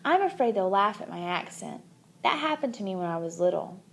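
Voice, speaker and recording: A woman voicing a shy, kind young schoolgirl who speaks softly and gently. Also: mid-range voice, big pitch swings, fairly quick, creaky. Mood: earnest. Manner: soft and gentle.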